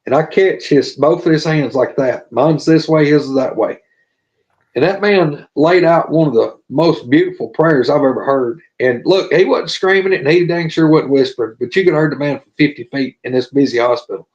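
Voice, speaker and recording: A man tells a story in a drawling, earnest, folksy way. His voice sits a little high. The audio is dull and lo-fi. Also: normal speed, a little mellow. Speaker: podcast guest telling his story. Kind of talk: casual storytelling.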